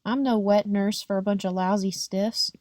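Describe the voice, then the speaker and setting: A woman's voice: mid-range voice, steady tone, normal speed, darkish tone, no room sound, lightly acted. A surly, indignant male night man at a mission, read by a woman narrator, snapping back with threats. He speaks in an audiobook voice near her own. The recording is dry and close.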